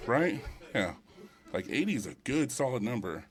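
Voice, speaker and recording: A man's voice: medium pitch, sing-song, normal speed. A man doing a stand-up comedy set at a live show, crude and rambling, teasing the crowd.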